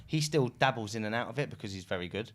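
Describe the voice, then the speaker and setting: A man's voice: on the low side, animated, fast. A British man who founded a recruitment firm, chatting casually as a podcast guest, loose and laughing, with the odd swear. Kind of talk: casual business podcast chat.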